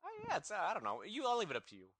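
A man's voice: high-pitched, huge pitch swings, very fast, very noisy. A middle-aged man co-hosting a podcast, rambling and jokey, often stopping to correct himself mid-sentence. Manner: rambling, self-interrupting, jokey. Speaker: podcast co-host. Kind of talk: casual podcast chat.

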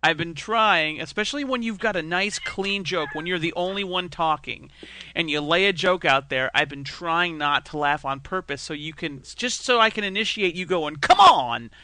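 A man co-hosting a podcast in casual comedic chat, jokey and quick to laugh. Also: on the high side, sharp tone. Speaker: podcast co-host.

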